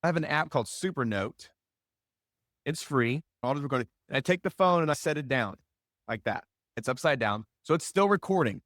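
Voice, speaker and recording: A middle-aged man delivers an animated business talk built on stories, peppered with rhetorical questions and acted-out quotes. His mid-range voice is lively, fairly quick, and a bit bright, recorded at studio quality with no room sound.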